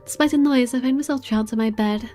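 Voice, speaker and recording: A woman reading aloud as a proud, weary young man, in a measured, dramatic voice over faint game music. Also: on the high side, warm tone, close to an everyday voice. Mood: brooding.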